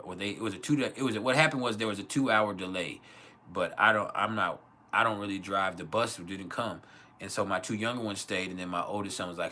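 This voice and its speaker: A man's voice: low-pitched, fairly quick, sharp tone, a little hiss or hum. A man hosting an astrology livestream Q&A from home, talking in loose, profane, rambling rants with laughs. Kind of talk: casual livestream chat and Q&A.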